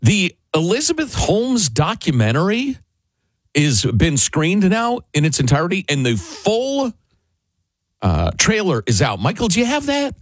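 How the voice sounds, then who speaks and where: Radio guy, husky voice that jumps around a lot, kinda high, dry studio sound. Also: measured pace, dry recording. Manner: animated, laughs while mocking. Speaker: radio co-host. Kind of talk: casual talk radio banter.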